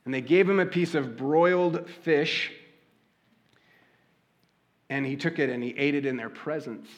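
A man's voice: a little high, measured pace, highs cut off. A man delivering a sermon in a conversational style, telling stories and asking the congregation rhetorical questions. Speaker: pastor.

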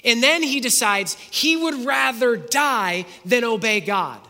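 A man's voice: very high voice, expressive, slow, sharp tone. A man preaching a sermon, retelling a story, reading scripture and asking the listeners rhetorical questions. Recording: long hall reverb.

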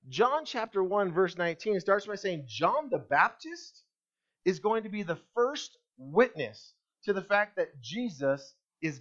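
A man's voice: high voice, a bit bright, muffled recording. A man preaching a sermon as pastor, emphatic, asking the congregation rhetorical questions.

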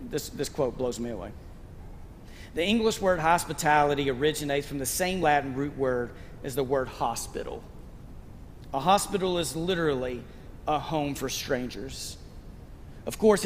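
Male pastor, slightly high voice, relaxed storytelling sermon in a reverberant church hall with faint background noise. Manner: conversational storytelling preaching.

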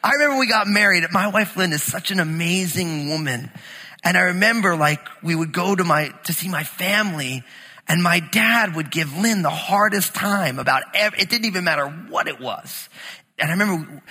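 Animated New pastor preaching in a hall. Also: male voice, high voice, brisk, breathy edge. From New Jersey. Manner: animated, storytelling, shifts between quiet scripture reading and emphatic teaching. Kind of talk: sermon.

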